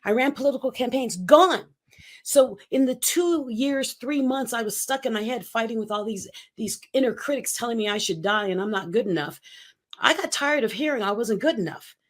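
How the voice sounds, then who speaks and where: A woman's voice: on the high side, animated, normal speed. A woman in her fifties, a guest speaking coach, talking in punchy, emphatic motivational bursts. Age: 50s. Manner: emphatic, punchy short phrases. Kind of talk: energetic motivational interview talk.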